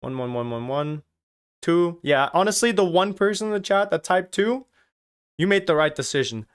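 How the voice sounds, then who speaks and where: A man from Germany hosts a casual live stream, reading out chat messages and ribbing the viewers as he goes. His voice sits a touch high for a man and comes through smooth and clear. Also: lively intonation, moderate pace. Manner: jokey, reads out and teases chat.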